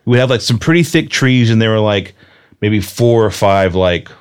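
Animated young man telling stories. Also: lowish voice, normal speed, clean tone. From rural North Carolina. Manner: animated storyteller, laughs often, lots of "like". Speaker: podcast host. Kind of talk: casual chat.

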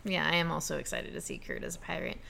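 A woman's voice: deep voice, fast, vocal fry. A woman co-hosting a podcast, casually recapping comics and laughing easily. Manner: relaxed, laughs often, recaps plot. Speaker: podcast co-host. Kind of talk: casual chat about comics.

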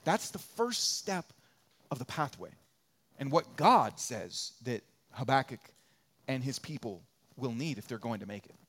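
A man preaching a sermon as pastor, repeating phrases for rhythm and dropping from loud peaks to quiet asides. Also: medium pitch, animated, moderate pace, slightly rough. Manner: conversational and joking, acts out little quoted voices.

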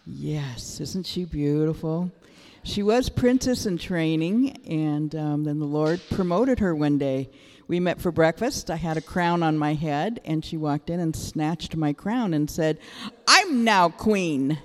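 A woman's voice: low-pitched, measured pace, mellow. A middle-aged woman giving a sermon in a church, emotional and chatty, often asking the congregation questions. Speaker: church speaker. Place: church sanctuary. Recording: long reverb of a church hall.

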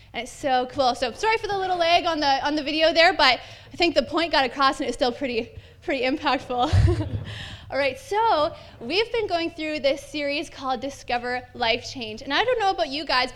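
A woman's voice: high voice, fairly bright tone. A young woman pastor preaching a sermon in an upbeat, chatty way with lots of casual fillers. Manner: bubbly, upbeat, chatty with many "like"s.

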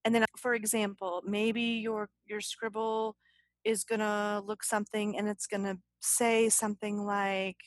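A woman's voice: medium pitch, little pitch movement, measured pace, dry recording. A woman co-hosting a podcast, talking casually and upbeat, with plenty of fillers and restarts. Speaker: podcast co-host.

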